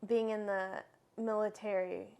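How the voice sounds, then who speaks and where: A woman's voice: mid-range voice, flat delivery, unhurried, creaky, darkish tone, clean tone. Teasing young woman co-host. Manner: teasing, laughing easily. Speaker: podcast co-host. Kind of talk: casual chat.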